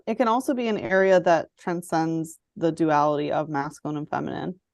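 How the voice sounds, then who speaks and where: Woman co-host, lower voice, thoughtful explainer, dry close mic. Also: steady tone, a little fast, a little mellow, no room sound. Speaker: podcast co-host. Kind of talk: casual podcast chat.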